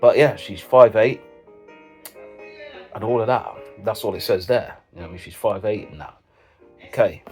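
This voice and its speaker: A comedy vlogger reacts to dating profiles with jokey commentary and sung snippets, rambling in slang and repeatedly asking "you know what I mean." His voice is lowish and moderately paced, with long pauses and faint music in the background.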